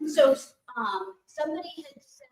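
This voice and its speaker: A woman guest excitedly retelling a story in casual chat. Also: high-pitched, normal speed, a crowd in the background. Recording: echoey room, off mic.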